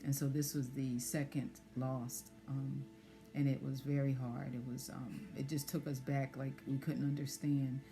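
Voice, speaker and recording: Woman, hesitant testimony, flat, gravelly, faint music behind. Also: a bass voice, measured pace, hardly any pauses. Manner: soft-spoken, hesitant, many fillers. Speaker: guest sharing pregnancy loss story. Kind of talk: personal testimony conversation.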